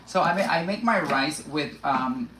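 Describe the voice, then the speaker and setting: A woman's voice: low voice, expressive, moderate pace, background noise. A woman hosting a casual live cooking stream from her home kitchen, chatting to viewers and to herself while she works, with lots of restarts. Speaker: cooking livestream host. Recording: echoey kitchen with loud pan and dish clatter.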